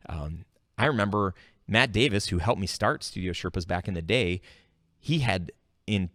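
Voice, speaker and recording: Man, low voice, podcast host, animated storytelling, dry close sound. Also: moderate pace, no room sound. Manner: animated storytelling, jumps high when quoting himself. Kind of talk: casual solo podcast monologue.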